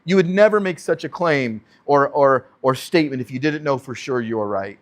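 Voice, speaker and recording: A man, a pastor, teaching verse by verse with animated delivery, rhetorical questions and chuckling asides. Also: mid-range voice, moderate pace.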